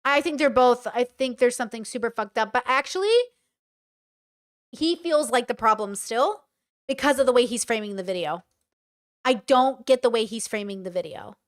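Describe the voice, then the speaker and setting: A young woman reacting live to a video for her stream chat, blunt and animated, swearing freely as she talks it through. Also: fairly high pitch, moderate pace. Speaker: commentary streamer.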